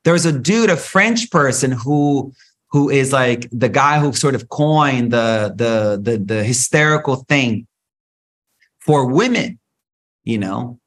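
A man hosting a solo spiritual podcast, talking in an animated, profane, rant-like way with big swings in pitch. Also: takes it slowly. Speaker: podcast host.

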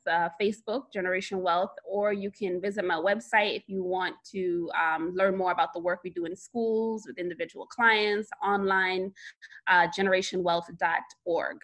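Her voice is medium-pitched and a bit bright as she guests on a casual podcast interview as a financial coach. She tells lively stories, repeating words for emphasis.

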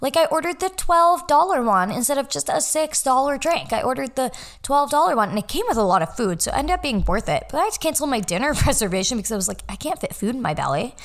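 A woman's voice: high voice, very animated, fast talker. A young woman hosting a podcast, chatting casually on her own in a rambling, easily sidetracked way with lots of fillers. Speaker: podcast host. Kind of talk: casual solo chat.

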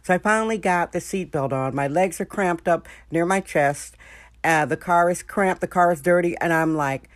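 Woman podcaster chatting frankly to her listeners, lowish voice, dry close sound. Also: moderate pace, no echo. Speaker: podcast host. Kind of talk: casual storytelling monologue. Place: San Francisco.

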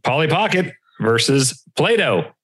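A man's voice: mid-range voice, big pitch swings, measured pace, a bit bright, breathy edge, low-quality recording. A man hosting a podcast in casual chat, announcing matchups in a jokey way. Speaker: podcast host running the bracket.

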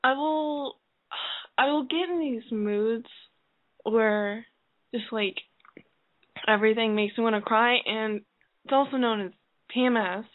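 A woman's voice: on the high side, a little slow, pauses often. Hesitant young woman on a distant phone line. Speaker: caller.

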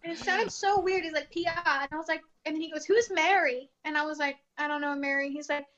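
Animated high-voiced woman telling stories. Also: quick pace, dull audio, very noisy. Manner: animated storyteller, acts out quoted voices, laughs often. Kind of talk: casual chat, storytelling.

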